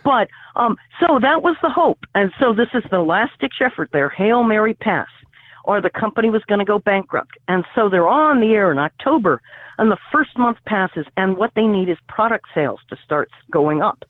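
A woman who teaches college tells a radio-history story with lively energy. She wanders into asides and restarts her sentences, and her fillers come thick. The sound is thin and phone-like, dry and close, with no room around it. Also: mid-range voice, normal speed, no room sound.

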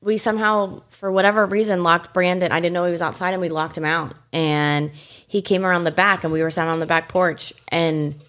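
A woman on a podcast chatting casually, agreeable and relaxed as she tells an anecdote. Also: on the low side, fairly quick.

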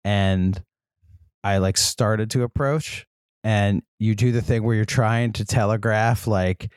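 Rambling man, low voice. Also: fairly even intonation, takes it slowly, a little mellow, clear, resonant tone, no echo, studio quality. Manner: rambling storytelling with many ums. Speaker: podcast co-host. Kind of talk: casual chat.

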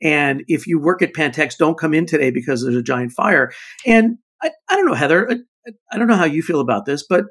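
A man's voice: a little high, expressive, a little fast, a bit bright, husky. A man co-hosting a podcast in casual chat, joking and full of fillers and restarts. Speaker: podcast co-host.

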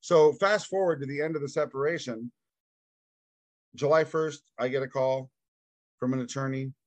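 A man speaks as a guest on a podcast, recounting his story casually and with energy. He slips into the voices of the people he quotes and drops in a laid-back "dude" now and then. His voice sits in an ordinary middle pitch, recorded dry with no room sound. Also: moderate pace, dry recording. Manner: animated, acts out quoted dialogue.

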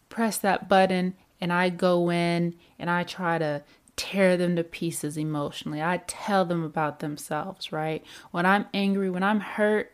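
A woman giving a reflective self-help talk about anger, with repeated emphatic phrases and rhetorical questions. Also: mid-range voice. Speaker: speaker on anger and emotions.

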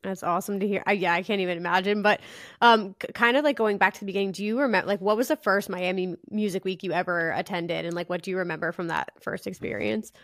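A woman from New Jersey hosting a podcast, chatty and encouraging with quick replies. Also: mid-range voice, steady tone, a bit bright, no room sound, clean studio sound. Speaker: podcast host. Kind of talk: casual podcast interview.

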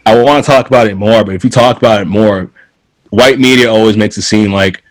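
A young man from North Carolina telling stories in casual chat, animated, laughing often and swearing freely. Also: lowish voice, brisk, no room sound, rough recording.

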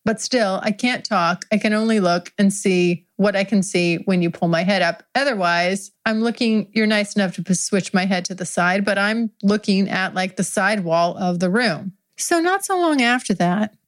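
A woman's voice: mid-range voice, moderate pace, hardly any pauses. A woman hosting an adult podcast, telling an improvised first-person story in a candid, profane way and laughing often as she goes.

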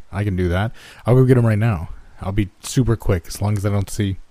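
A man voicing a startled young man who stammers and rushes out his questions. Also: on the low side, warm tone, no echo, close to an everyday voice. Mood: flustered.

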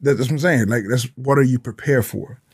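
A man's voice: medium pitch, brisk, darkish tone, breathy edge. A man, a police sergeant from Honduras, talks emphatically in an interview, repeating pointed questions and acting out mock exchanges. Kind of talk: animated interview talk.

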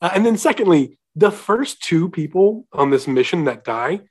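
A young man co-hosting a casual chat about a film, animated and laughing, quoting characters in his own voice. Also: fairly high pitch, moderate pace, slightly rough.

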